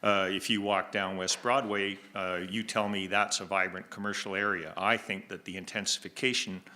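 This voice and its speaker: A low-voiced man speaks in a public debate. His tone is sharp and bright, and he talks deliberately, restarting now and then. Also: flat delivery. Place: lecture hall with audience.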